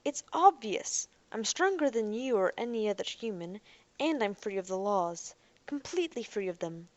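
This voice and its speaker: A woman voicing a defensive, boastful young man in a robot body who is quick to shout. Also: medium pitch, sing-song, dull audio, lightly acted. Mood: agitated.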